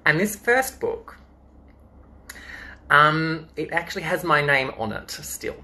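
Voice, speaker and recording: Reading children's books as a drag queen, this Australian man streams storytime live from home on his phone, bantering campily between pages. He speaks slowly, fairly high in pitch, with a sharp tone.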